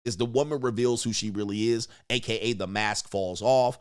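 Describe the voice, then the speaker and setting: A man hosts a casual reaction commentary show, crude and joking, often imitating other people's voices. His voice is lowish and clean in tone, at a moderate pace.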